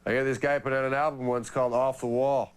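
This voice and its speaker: A man's voice: mid-range voice, little pitch movement, quick pace, clear, resonant tone, voice pushed down, close to an everyday voice. A man voicing a grumpy middle-aged suburban dad in a comedy sketch. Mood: grumbling.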